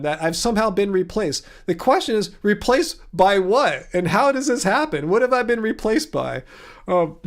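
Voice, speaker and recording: A man hosting a livestream, chatting casually in response to viewer comments with a sarcastic, incredulous manner, rambling with plenty of fillers. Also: high-pitched. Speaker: livestream host.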